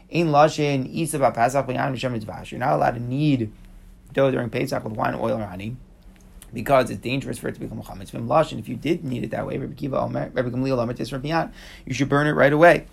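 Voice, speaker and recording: A man explains a page of Talmud at a brisk clip, slipping Hebrew and Aramaic phrases into casual English. His voice is strongly gravelly and husky, with a worn, rough edge. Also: medium pitch. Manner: quick, conversational, mixes Hebrew and Aramaic terms. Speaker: Talmud teacher.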